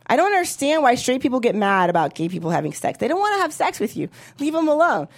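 A woman's voice: sits high, big pitch swings, fast, no echo. A woman in her thirties doing a profane, brash stand-up comedy set on a club stage, acting out the voices of other people. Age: 30s.

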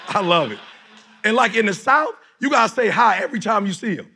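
A middle-aged man from Detroit giving a preachy motivational speech to a live audience, often shouting and leading call-and-response. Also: sits high, animated, a little fast, creaky, husky. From Detroit, United States. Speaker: motivational speaker.

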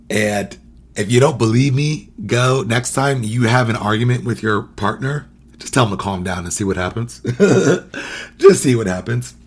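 Husky man hosting a podcast. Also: medium pitch. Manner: conversational, quizzes listeners, laughs often, acts out quoted phrases. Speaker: podcast host. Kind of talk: casual teaching talk.

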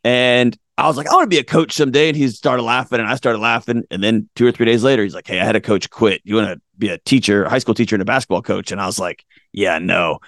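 A man's voice: lowish voice, quick pace, hardly any pauses, fairly bright tone, dry recording, studio quality. A middle-aged man telling a story on a podcast, acting out voices and laughing at himself. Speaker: podcast guest. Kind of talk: animated storytelling in conversation.

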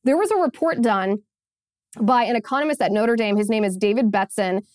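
A woman's voice: fairly high pitch, fairly quick, darkish tone, dry recording, clean studio sound. A woman hosting an opinion podcast, emphatic and sarcastic, often repeating her phrases. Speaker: podcast host. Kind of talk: opinion commentary.

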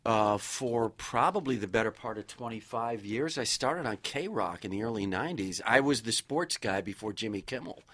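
A middle-aged man from Wisconsin, a comedian guest chatting casually on a podcast and telling lively stories. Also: lowish voice, moderate pace, few pauses. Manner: lively storyteller who slips into an excited sportscaster voice.

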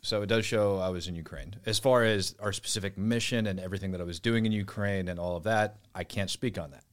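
A man's voice: low voice, fast talker. A man, a former soldier, talking casually and bluntly as a podcast guest, swearing and restarting his sentences. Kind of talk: casual conversation. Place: small room in a house.

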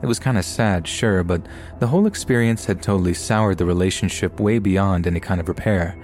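A man reading scary stories aloud as a scripted narration, in a steady storytelling delivery. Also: low-pitched, a little fast. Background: faint background music.

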